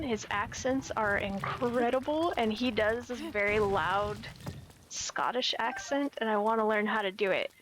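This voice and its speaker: A woman's voice: fairly high pitch, noisy background. A young woman chatting casually while streaming a game, giggly and self-deprecating. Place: home, lives in California.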